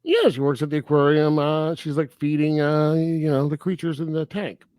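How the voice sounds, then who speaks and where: A man's voice: fairly high pitch, normal speed, a little mellow, no echo, studio quality. A man co-hosting a podcast, casually recapping a film scene by scene with quoted asides. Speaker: podcast co-host. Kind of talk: casual film review chat.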